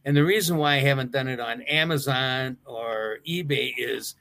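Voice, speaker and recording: A man's voice: mid-range voice, moderate pace, gravelly, sharp tone. An older man, a retired wrestler, telling rambling stories in a casual interview. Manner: rambling, with restarts and chuckles. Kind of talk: casual anecdotal storytelling.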